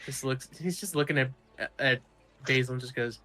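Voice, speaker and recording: Guy playing a tabletop game, deadpan, bright tone. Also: medium pitch, normal speed, soft background music. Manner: flat, deadpan in character. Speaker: player.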